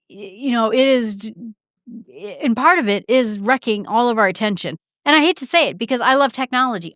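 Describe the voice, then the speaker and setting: Woman, casual podcast chat, chatty and animated, smooth tone, dry sound. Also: mid-range voice, dry recording. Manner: chatty, quick asides with fillers and restarts; acts out short quoted exchanges in her own voice. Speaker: podcast host. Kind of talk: casual solo podcast talk.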